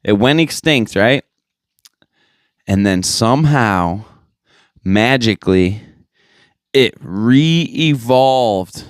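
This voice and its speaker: A man's voice: lowish voice, animated, slow, long pauses, dry recording, clean studio sound. Profane ranting podcast host man. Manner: swearing, exasperated ranting. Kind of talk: profane casual rant.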